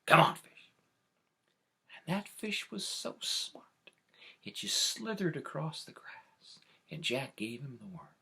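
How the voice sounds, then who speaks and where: A man telling a tall tale as a storyteller, full of sound effects, dropping to whispers and building up to shouts. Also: mid-range voice, breathy edge. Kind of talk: animated oral storytelling.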